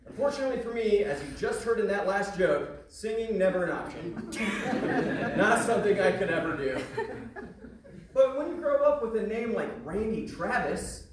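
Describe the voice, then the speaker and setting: A young man from Kansas works through a stand-up set, acting out the people in his story. His voice sits high and swings widely in pitch. The sound comes from a distant mic in a roomy club, with audience laughter rolling in. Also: animated, moderate pace. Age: young adult. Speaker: stand-up comedian. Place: comedy club in a small town. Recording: echoey club, mic far off, crowd laughing.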